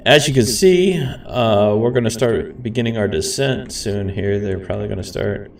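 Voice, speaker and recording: A man's voice: lowish voice, moderate pace, gravelly. A man giving casual, rambling commentary while flying a simulator, talking to his viewers. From grew up in a city. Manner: laid-back, rambling, says "man" and "guys". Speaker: flight sim streamer. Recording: echoey room, mic far off, faint hiss.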